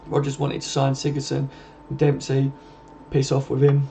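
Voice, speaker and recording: A man's voice: medium pitch, completely flat delivery, moderate pace, creaky, mellow, a little hiss or hum. A man hosting a casual football livestream, chatting and answering viewer comments in a matey, informal way. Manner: chatty, matey, calls everyone mate.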